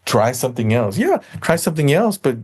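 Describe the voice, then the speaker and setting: A man's voice: mid-range voice, sing-song, brisk, darkish tone, slightly rough. A man chatting casually on a podcast, telling rambling stories and acting out the people in them. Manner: rambling storyteller, acts out quoted people. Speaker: podcast guest.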